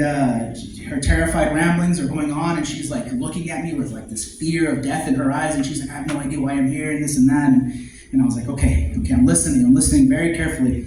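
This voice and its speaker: A man's voice: on the high side, dark tone, heavy reverb, low-quality recording. A man doing first-time open mic stand-up, chatty and self-deprecating, laughing at his own jokes. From southern United States. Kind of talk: stand-up comedy storytelling. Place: small comedy club stage.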